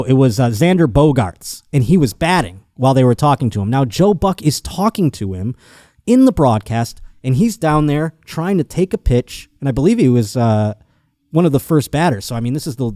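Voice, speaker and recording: Profane, mellow-voiced male podcast host. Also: mid-range voice, normal speed, no room sound, studio quality. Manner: profane, animated storytelling with impressions. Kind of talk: casual comedic monologue.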